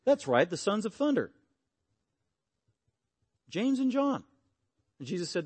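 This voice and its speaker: An earnest, animated man preaching a sermon and closing in prayer. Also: on the high side, a little slow, pauses often, husky. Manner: earnest, animated, acts out quotes.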